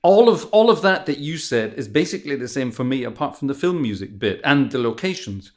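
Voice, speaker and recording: A man's voice: medium pitch, big pitch swings, fairly quick. A friendly man with a mid-range voice, hosting a casual talk over a video call. He teases his guest playfully and then recalls his own start in music. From Inverness, Scotland. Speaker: organist, podcast host. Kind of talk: casual chat.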